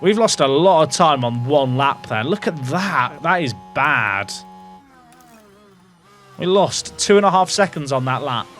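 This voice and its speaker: A man's voice: a little high, lively intonation, unhurried, fairly bright tone, soft background music. Chatty man commenting on a racing game. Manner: chatty, thinks strategy aloud with wry asides. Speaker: host commenting on his management game. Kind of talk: casual game commentary to a live chat.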